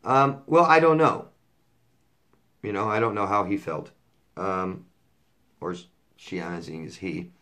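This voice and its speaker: A man's voice: deep voice, measured pace, long pauses, pushed and bright. A middle-aged man coaching viewers in a casual advice monologue, blunt and repetitive, swearing when riled up. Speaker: relationship coach answering viewer questions.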